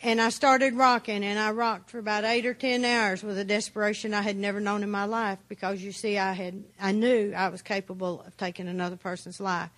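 A woman's voice: mid-range voice, level tone, a little fast, few pauses, fairly bright tone. A woman giving a personal testimony talk, telling her story bluntly and plainly with dry humor. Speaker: speaker sharing her recovery story.

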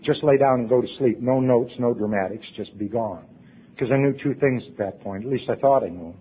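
A man telling his recovery story to a meeting, earnest, his voice dropping hushed at emotional points. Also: mid-range voice, a little fast, slightly rough. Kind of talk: personal recovery talk. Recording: tinny phone-like recording.

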